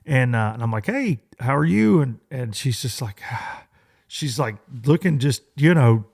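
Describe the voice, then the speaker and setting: A man's voice: medium pitch, measured pace, a little mellow. Rambling casual man hosting a podcast. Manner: rambling, loose, with many fillers and restarts. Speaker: podcast host. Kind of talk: casual storytelling monologue.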